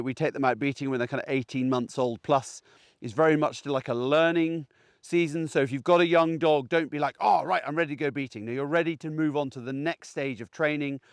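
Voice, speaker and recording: A man's voice: mid-range voice, smooth, dry recording, studio quality. A man, a gundog trainer, giving plain-spoken, chatty training advice outdoors in a field. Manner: chatty, plain-spoken, keeps checking in with "okay?".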